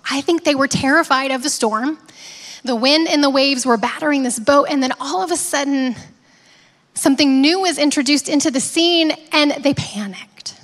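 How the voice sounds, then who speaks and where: High-voiced woman preaching in a reverberant hall. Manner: reflective, drops to soft whispers for emphasis. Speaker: pastor. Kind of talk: sermon.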